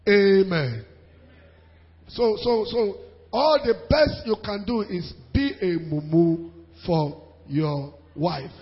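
Male preacher, animated sermon delivery, high voice, muffled sound with a long hall echo. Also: takes it slowly. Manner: animated preaching with pidgin asides and laughter. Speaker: pastor. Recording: dull sound in a reverberant hall.

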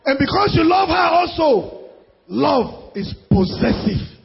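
A Nigerian-accented preacher drives his sermon with repeated phrases and sudden shouted bursts. His voice is strikingly high and gravelly with a strained, husky edge. The recording is dull and lo-fi. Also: sing-song, slow pace, faint music behind. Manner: emphatic, repetitive, bursts of shouting. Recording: dull lo-fi sound.

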